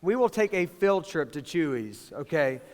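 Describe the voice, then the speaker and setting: A man preaching to students as youth pastor, swinging from hushed lines to loud, emphatic ones. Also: on the high side, sing-song, a little slow, a little hiss or hum. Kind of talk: sermon to students. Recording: long reverb of a large hall.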